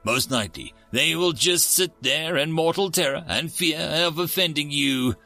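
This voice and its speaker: A man's voice: on the high side, moderate pace, sharp tone, faint music behind, pitched above the performer's own voice. A man voicing a young, blunt male bat-like soldier who is openly skeptical, in a storybook reading. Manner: blunt, incredulous.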